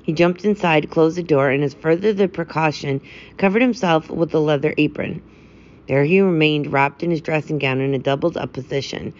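Sex: woman. Role: story podcast narrator. Style: calm, measured scripted narration. Pitch: low. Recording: slightly dull lo-fi audio.

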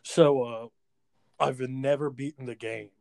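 A man's voice: mid-range voice, fairly even intonation, unhurried, creaky, darkish tone, dry recording. A man in his twenties co-hosting a podcast, bantering casually and laughing mid-sentence as he riffs. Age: 20s. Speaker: podcast co-host.

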